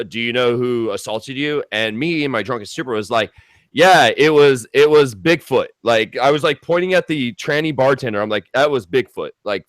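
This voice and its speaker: A man's voice: medium pitch, clear, resonant tone, dry recording. Young guy rambling through a story, lots of swearing and likes, dry close sound. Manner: rambling, profane, animated retelling with many fillers. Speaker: storyteller guest. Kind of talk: casual storytelling chat.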